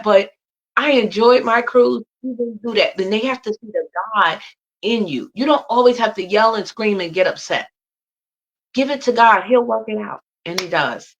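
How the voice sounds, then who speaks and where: A woman's voice: medium pitch, expressive, normal speed, fairly bright tone, low-quality recording. A woman from the USA, a guest mentor giving faith-based motivational advice in a preachy way that builds through repeated lists.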